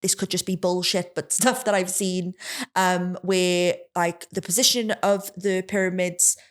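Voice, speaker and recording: A woman's voice: fairly low pitch, level tone, unhurried. A young woman co-hosting a podcast, chatting casually in a rambling, sweary, teasing way. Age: young adult. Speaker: podcast co-host. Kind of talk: casual chat.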